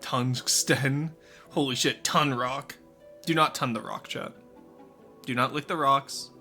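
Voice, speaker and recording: A man's voice: medium pitch, fairly even intonation, slow, pushed and bright, faint music behind. A man streaming live, chatting casually with his chat while building in a game, rambling and swearing freely.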